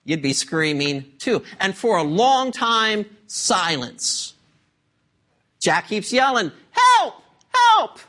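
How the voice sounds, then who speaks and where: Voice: mid-range voice, animated, slow, bright, forceful tone. A preacher delivering a sermon with emphatic delivery and frequent rhetorical questions to the congregation.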